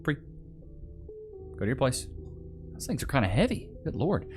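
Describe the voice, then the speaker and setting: A man's voice: medium pitch, very animated, moderate pace, soft background music. A man hosting a reaction video, mocking the clips he plays in a sarcastic commentary style.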